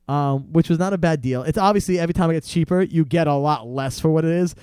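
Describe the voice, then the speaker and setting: A young man with a fairly high, smooth, mellow voice tells a story in casual podcast chat. He acts out other people's lines as he goes, and the sound is dry and close on a studio mic. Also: fast, no echo. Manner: animated, acts out salesmen's voices in quotes. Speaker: podcast guest.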